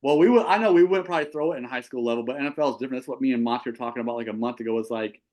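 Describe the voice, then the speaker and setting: Man, sports talk host, casual, animated, restarts his sentences. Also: mid-range voice, rapid-fire. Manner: animated, repeats and restarts words. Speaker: show host and football official.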